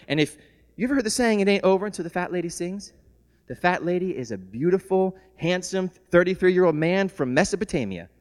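A man preaching a sermon in a large church hall, his voice a little higher than most men's. The long reverb of the room trails after each phrase. He swings from soft, tender passages to fervent shouting, laughing often between points. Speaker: pastor.

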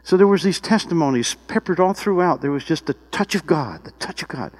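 A male preacher telling a sermon story in a fairly high voice. His delivery swells with emotion, breaking into excited, near-tearful exclamations. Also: fairly quick, low-quality recording. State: tearful at times.

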